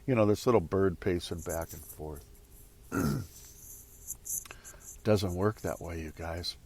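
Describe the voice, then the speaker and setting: A man's voice: low-pitched, slow, creaky, a little mellow, breathy edge. A man giving a casual motivational talk to viewers, rambling and repeating phrases as he goes. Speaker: spiritual speaker.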